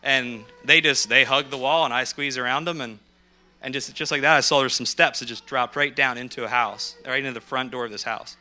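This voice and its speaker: A man speaking from a podium as a missionary, telling lively anecdotes and acting out what people said. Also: medium pitch, fairly quick, soft background music. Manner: lively anecdotal storyteller who acts out quotes. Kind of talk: storytelling sermon.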